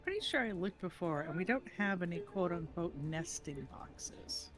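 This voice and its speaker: A woman's voice: lowish voice, lively intonation, moderate pace, faint music behind. A woman hosting a livestream, chatting casually and rambling while eating dinner. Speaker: livestream host. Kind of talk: casual chat while gaming over dinner.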